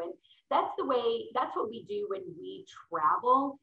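A woman's voice: on the high side, sing-song, unhurried, creaky. A middle-aged woman, a podcast guest, telling travel stories in an enthusiastic, chatty way. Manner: enthusiastic, storytelling. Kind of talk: casual interview chat. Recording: roomy, slightly dull sound.

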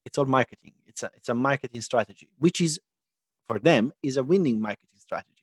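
A man's voice: medium pitch, lively intonation, quick pace, husky, no echo. A man in casual conversation, explaining his points thoughtfully and laughing easily. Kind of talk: casual chat.

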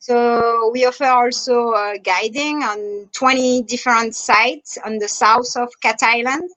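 A woman's voice: a little high, steady tone, a little slow, pushed and bright, poor audio. A woman with a French accent, a dive instructor and resort manager, answering interview questions with lots of hesitant fillers. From France. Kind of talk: online interview.

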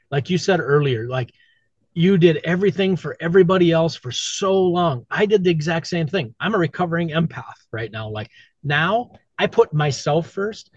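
A middle-aged man with a voice on the high side appears as a podcast guest, talking candidly and bluntly in casual conversation while swearing and repeating himself. The recording is dull, lo-fi, and dry, with no room sound.

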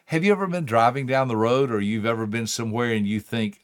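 A man's voice: medium pitch, fast. A middle-aged man hosting, giving an earnest motivational talk full of stories and pleading emphasis. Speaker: speaker and host.

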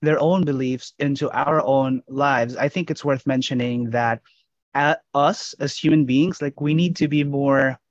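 A man's voice: medium pitch, fairly even intonation, measured pace, no echo, dull audio. A man hosting a podcast, speaking earnestly and thoughtfully to his guest and listeners. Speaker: podcast host. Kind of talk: podcast interview.

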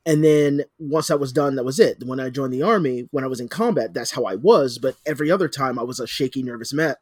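A man from the United States, a podcast co-host, talking in casual chat with a halting, stammering delivery. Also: medium pitch, husky, no echo, clean studio sound.

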